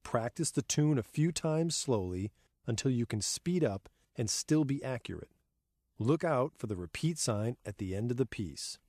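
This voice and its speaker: A man reading a scripted keyboard lesson in a measured, clear way, counting beats and rhythm words aloud in time. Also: medium pitch, animated, a little mellow, no echo, studio quality. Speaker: keyboard instructor. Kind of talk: scripted instructional narration.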